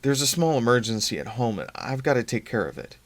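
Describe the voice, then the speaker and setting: A man reading aloud, voicing a nervous young man who speaks in quick, raised, stammering lines. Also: mid-range voice, big pitch swings. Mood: anxious.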